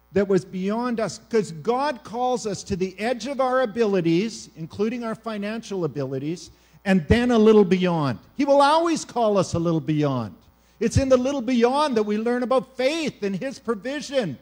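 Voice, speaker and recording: A middle-aged male pastor, from Canada, giving a sermon in an animated way, swinging from loud emphasis to hushed quiet. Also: sits high.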